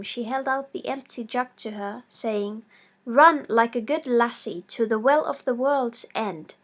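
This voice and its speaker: A woman's voice: high voice, a bit bright. Woman reading a fairy tale aloud. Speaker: storyteller. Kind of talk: scripted narration of a fairy tale.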